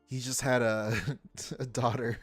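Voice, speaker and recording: A man's voice: medium pitch, little pitch movement, slow, no room sound, soft background music. Laughing man mocking a clip. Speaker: streamer reacting to a clip. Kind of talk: casual reaction commentary.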